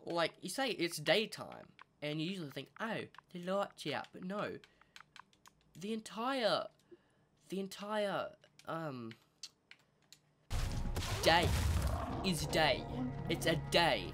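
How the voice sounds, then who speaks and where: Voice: medium pitch, slow pace, long pauses. A gaming channel host, chatting through gameplay commentary and talking to the animals in the game. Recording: steady background noise.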